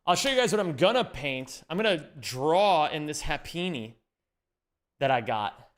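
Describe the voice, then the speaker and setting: A man streaming a speedrun live, chatting with viewers in an animated, joking way and swearing casually. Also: a little high, moderate pace. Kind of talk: live-stream chat while gaming.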